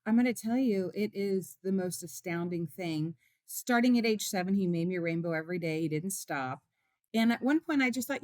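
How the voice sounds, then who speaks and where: A middle-aged woman, a mother and author, telling heartfelt stories in an interview with animated feeling. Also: on the low side, normal speed, no echo, studio quality. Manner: emotional, animated storytelling. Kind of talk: conversational interview storytelling.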